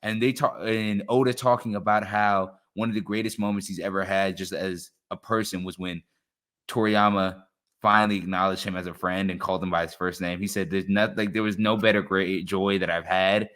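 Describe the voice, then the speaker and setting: Young guy cohosting a podcast, lowish voice, gets all hyped and swears a lot. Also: a little fast. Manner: animated, swears freely, excitable. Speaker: podcast co-host. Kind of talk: casual chat.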